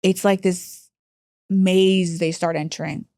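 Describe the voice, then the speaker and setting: A woman in her thirties, a hospice executive, telling lively stories in a podcast interview and acting out other people's voices. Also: slow pace, dry recording, clean studio sound. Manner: animated, acts out quoted voices with big pitch jumps.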